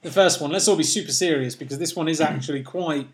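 Brief: male podcast host, fairly high voice, loose and giggly. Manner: giggly, rambling, quick asides. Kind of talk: casual podcast chat.

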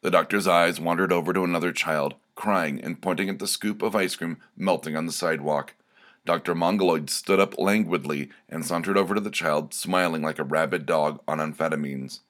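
A man narrating dark comic short stories in a slow, deadpan, deliberate reading. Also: sits low.

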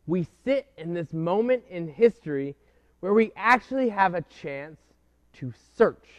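A man preaching an earnest sermon, pausing often and posing rhetorical questions to his listeners. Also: high voice, lively intonation. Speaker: pastor. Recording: dull lo-fi recording.

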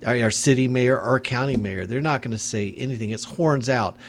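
A man's voice: medium pitch, fairly quick, gravelly. A man hosting a radio talk show, delivering an angry, impassioned monologue from a studio mic. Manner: angry, indignant, ranting.

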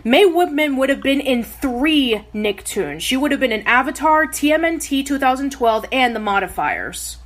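A woman's voice: sits high, animated, moderate pace, hardly any pauses. A woman co-hosting a casual podcast, walking through a plot at length with fillers. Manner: recaps plots at length with fillers. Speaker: podcast co-host.

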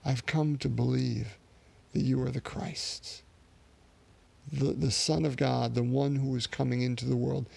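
Male preacher, gravelly and husky, earnest reflective sermon delivery. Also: medium pitch, little pitch movement, darkish tone. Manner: earnest, reflective, with restarts and pauses.

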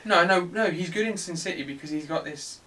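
A man's voice: high-pitched, a little fast, pushed and bright, far from the mic. A man in casual, swearing, teasing banter with friends.

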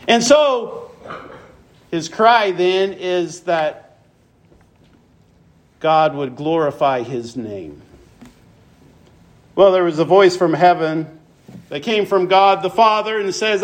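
A man's voice: slow, long pauses. A man preaching a sermon, reading scripture aloud and explaining it verse by verse, lifting his voice for emphasis. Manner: expository preaching, reads scripture aloud, rises in pitch for emphasis.

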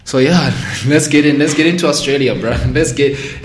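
A man's voice: mid-range voice, fairly quick, roomy sound, a little hiss or hum. A man hosting a podcast in casual, slangy chat, laughing often. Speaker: podcast host.

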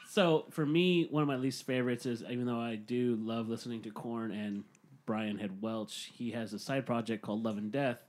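A man's voice: mid-range voice, fairly even intonation, moderate pace, darkish tone. A man co-hosting a casual podcast, joking around, laughing often and swearing now and then. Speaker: podcast host. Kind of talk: casual chat.

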